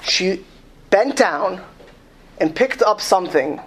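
A man reading a story aloud to an audience, slow and emphatic, stumbling and restarting often. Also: high-pitched, animated, a bit bright, a little hiss or hum. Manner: reads slowly and with emphasis, with frequent restarts. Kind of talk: lecture with read-aloud story.

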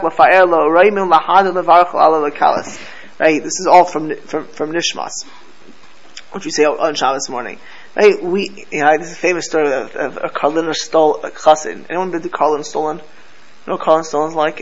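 A man's voice: on the high side, lo-fi sound. A man teaching a casual religious class to a live group, chatty, often asking his listeners "right?" and weaving prayer phrases into his talk.

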